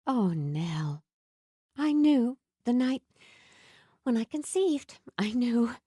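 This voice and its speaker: In this audiobook, a woman reads as a young woman who has just learned she is pregnant, her voice jumping high and quick with thrilled disbelief. The sound is dry and close, with the lively swoops of a storyteller. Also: breathy edge, no echo, heavily acted. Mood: elated. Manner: excited, rising high and fast.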